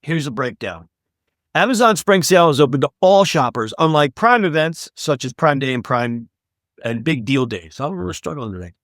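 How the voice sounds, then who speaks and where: A man's voice: fairly high pitch, expressive, normal speed, a bit bright, no room sound, clean studio sound. A man co-hosting a retail news podcast, reading the stories with wry, sarcastic asides in casual chat. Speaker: podcast co-host.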